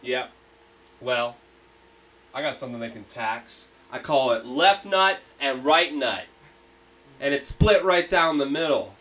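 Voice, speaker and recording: A man's voice: mid-range voice, lively intonation, a little slow, pauses often, fairly bright tone, distant mic. A man hosting a casual livestream, ranting in a hyped, profane way. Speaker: livestream host.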